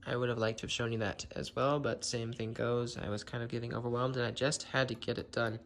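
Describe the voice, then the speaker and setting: Man, casual car-build vlog, home garage, rambling, throat clearing, middle pitch, faint background noise. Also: fast. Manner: rambling, clears his throat often, relaxed fillers. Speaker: car builder showing his project.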